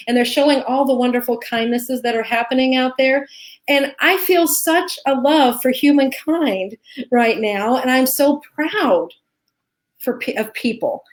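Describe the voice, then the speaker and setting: A woman's voice: high voice, measured pace. A woman co-hosting a live Q&A, talking in an earnest, heartfelt way with many restarts. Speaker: co-host, teacher. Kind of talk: live Q&A chat.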